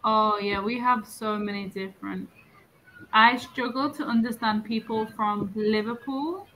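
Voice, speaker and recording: Bright-voiced English woman, chatty tutor. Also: a little high, a little slow, slight background noise, poor audio. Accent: neutral English. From northern England. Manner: chatty, laughs often. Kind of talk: casual video-call conversation.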